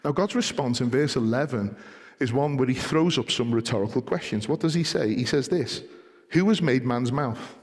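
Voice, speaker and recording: A man preaching a sermon, moving from calm explanation to rising, emphatic delivery. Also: mid-range voice, brisk. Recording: long hall reverb.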